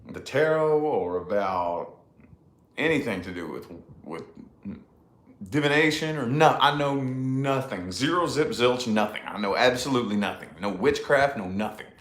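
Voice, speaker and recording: A man's voice: medium pitch, echoey room. A man casually telling a personal story in a rambling, emphatic way, with lots of swearing and repeated phrases. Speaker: podcast co-host.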